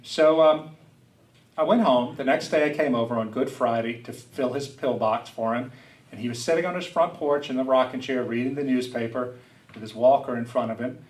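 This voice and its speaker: Heard far from the microphone in a roomy hall, a middle-aged public speaker from south Louisiana talks earnestly at normal speed in a mid-range voice. His lecture is personal and reflective, with occasional restarted sentences.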